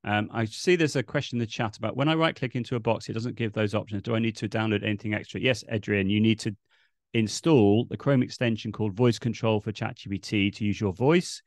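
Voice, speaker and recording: A man presenting a live online teaching webinar, relaxed and explanatory as he demonstrates on screen, speaking into a desk mic on a video call. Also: lowish voice, brisk, no room sound, studio quality.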